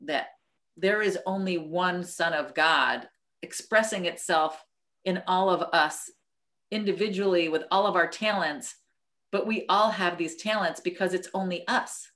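A woman's voice: low voice, gravelly, fairly bright tone. A middle-aged woman leading a study group over a video call, sharing a personal story in an earnest, reflective way with frequent restarts.

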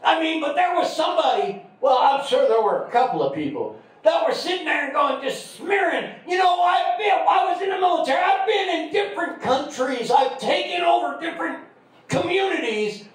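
A middle-aged man with a very high voice does a stand-up set at an open mic. He talks loudly and breaks into shouted, crude punchlines. The sound is a roomy club recording, heard from a distance. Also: lively intonation, normal speed. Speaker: stand-up comic. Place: comedy club stage. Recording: echoey club, far from the mic.

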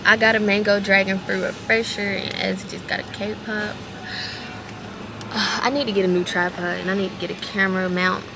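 A woman's voice: medium pitch, little pitch movement, normal speed, creaky. A twenty-year-old woman vlogging in a chatty, gushing way, often calling her viewers y'all. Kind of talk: casual vlog chat. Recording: echoey room with background noise.

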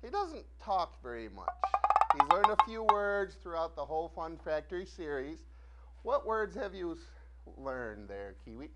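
A children's show host coaxing a young audience in a playful, animated way, sometimes dropping to a hush. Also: mid-range voice, a little slow. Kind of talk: playful talk to a kids' audience. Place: local TV studio with live audience.

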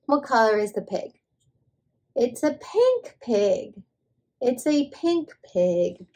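A woman's voice: a little high, sing-song, takes it slowly, dark tone. A woman hosting a toddler show, asking the viewer simple questions and making animal sounds. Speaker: children's show host. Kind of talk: slow sing-song talk to toddlers.

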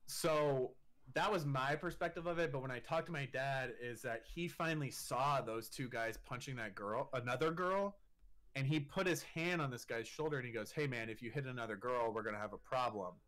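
A young man telling a story in casual chat, animated and full of swearing and filler words. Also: medium pitch, fairly quick. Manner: animated storyteller, swears a lot, leans on 'like'. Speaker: guest.

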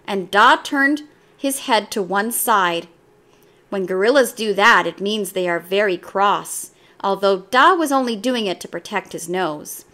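A woman reading a children's storybook aloud in an expressive, lively way. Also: medium pitch.

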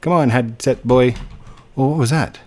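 A man's voice: mid-range voice, normal speed, dark tone. A man giving playful, chatty commentary on a game he is playing and talking to himself as he goes. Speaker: gaming YouTuber. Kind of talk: gameplay commentary.

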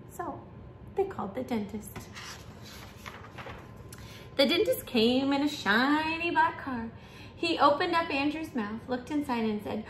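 A woman, a preschool teacher, reading a picture book aloud to children with animated, exaggerated storytelling. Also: sits high, a little slow, pauses often. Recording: echoey room with faint hiss.

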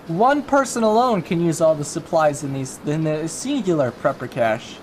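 A man's voice: a little high, expressive, normal speed, few pauses, slight background noise. A man giving casual, jokey let's-play commentary, talking to himself while he plays. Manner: chatty, jokey, talks to himself while playing. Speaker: gaming YouTuber.

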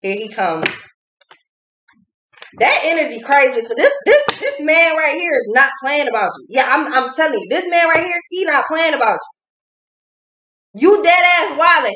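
A woman's voice: high-pitched, a bit bright, a little hiss or hum. A woman giving a casual tarot reading, talking bluntly with lots of swearing and repeating phrases for emphasis. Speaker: tarot reader. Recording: echoey room.

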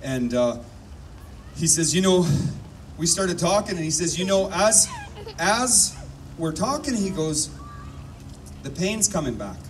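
A street preacher delivers an outdoor sermon in a park, his slightly high voice swinging widely in pitch at a measured pace with frequent pauses. Fervent, he tells stories and often repeats words as he builds up. A distant mic picks him up outdoors with faint noise.

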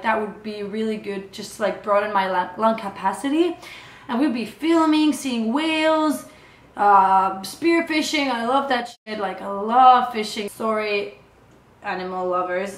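A young woman vlogging about her travels in a casual, chatty way, peppered with filler words. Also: a little high. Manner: chatty, many filler "like"s, acts out quoted dialogue. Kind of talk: casual chat. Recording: echoey room.

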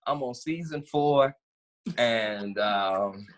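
A man's voice: medium pitch, drawn-out words. A man from Gary, Indiana, co-hosting a podcast, talking casually in an easygoing, rambling way. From Gary, Indiana, USA. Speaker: podcast co-host. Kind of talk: casual chat.

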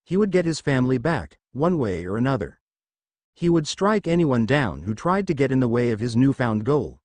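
A man narrating a fan fiction story in a steady storytelling read. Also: medium pitch, moderate pace, no echo.

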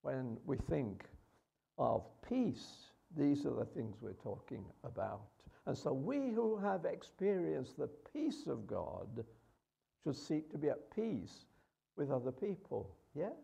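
A man's voice: medium pitch, very animated, takes it slowly, creaky, mellow, slightly rough. A man preaching a sermon in a conversational way, with rhetorical questions and hesitations.

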